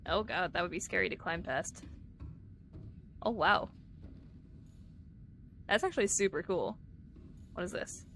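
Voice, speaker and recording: A woman's voice: lowish voice, animated, a little slow, long pauses, fairly bright tone, slight background noise. A woman streamer chatting casually with her viewers while playing a game live, giggling often. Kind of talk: live-streamed gameplay chat.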